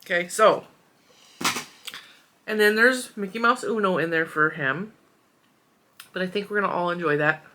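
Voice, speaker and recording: A woman's voice: lowish voice, normal speed, pauses often, bright, forceful tone, a little hiss or hum. A woman in her forties hosting a crochet channel, chatting casually and emotionally as she opens mail, with giggles and fillers. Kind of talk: casual chat unboxing mail.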